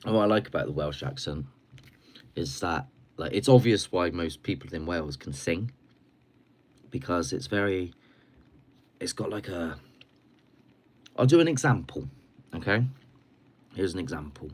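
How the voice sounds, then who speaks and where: A slightly hoarse man hosting a casual live stream chat at his computer, rambling along while sucking a cough sweet. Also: sits low, lively intonation, normal speed, long pauses. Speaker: livestream host.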